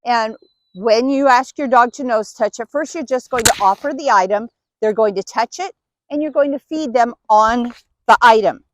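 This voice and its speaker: A woman's voice: a little high, normal speed, noisy background. A woman dog trainer patiently explaining each step while giving cues and praise to her dog. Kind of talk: instructional demonstration.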